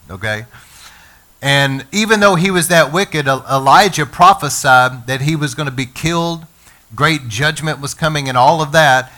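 Guy preaching a sermon, bright kinda high voice, gets the crowd to say stuff back. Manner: energetic preaching, calls for congregation responses. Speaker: pastor.

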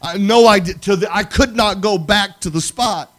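A man's voice: high voice, normal speed, fairly bright tone. A man preaching, telling a story animatedly and acting out the dialogue. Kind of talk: sermon storytelling.

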